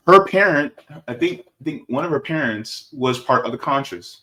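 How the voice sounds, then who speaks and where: A man's voice: mid-range voice, animated, brisk, bright, forceful tone. A man commenting on a video clip in casual political talk, emphatic and repetitive, tossing in "right?" and "baby".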